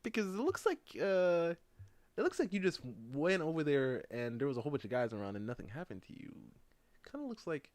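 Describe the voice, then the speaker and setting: Incredulous man with a lively, high voice. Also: fairly quick. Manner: incredulous, rambling, mocking. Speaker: streamer. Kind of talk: live stream reaction commentary.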